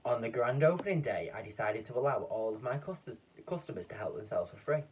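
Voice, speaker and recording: A man reading a children's book aloud in a lively, expressive way, with a few slips and restarts. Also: medium pitch, a little fast, breathy edge. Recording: dull, distant lo-fi recording.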